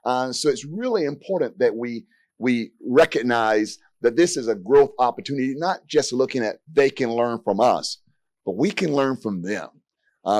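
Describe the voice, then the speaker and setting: A man's voice: medium pitch, a little mellow, no room sound, clean studio sound. A man in his sixties moderating a panel discussion from a podium, with folksy joking asides. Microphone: podium mic.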